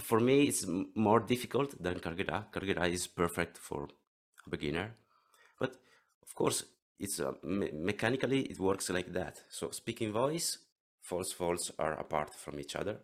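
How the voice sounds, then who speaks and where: Italian guy in his 30s explaining throat singing, really low voice, keeps restarting words. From Italy. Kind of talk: interview lesson.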